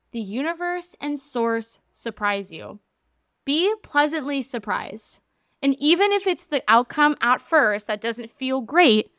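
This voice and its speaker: A woman's voice: high-pitched, a bit bright, clean tone, dry recording, studio quality. Earnest young woman musing on a podcast. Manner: earnest, rambling, with many "like" fillers and self-corrections. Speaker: podcast host, psychic medium and entrepreneur. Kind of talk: casual spiritual podcast monologue.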